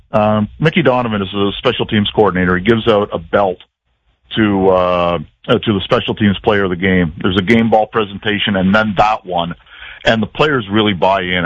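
A man's voice: fairly low pitch, dry recording, muffled recording. A man, a football play-by-play announcer chatting as a radio guest and telling stories in a self-deprecating way. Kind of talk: casual radio chat.

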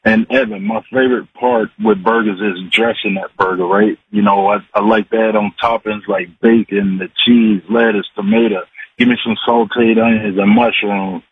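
A regular radio guest in his 40s who covers sports and recipes phones in for a casual chat, rambling folksily and using lots of fillers. His husky voice is on the low side, steady in tone and moderate in pace. A tinny phone line adds faint hiss.

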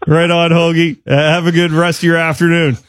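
A man's voice: fairly high pitch, level tone, a little fast, no echo, clean studio sound. A man hosting a radio sports show, chatting in an easygoing, joking way and asking follow-up questions. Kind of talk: casual radio chat. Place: radio studio.

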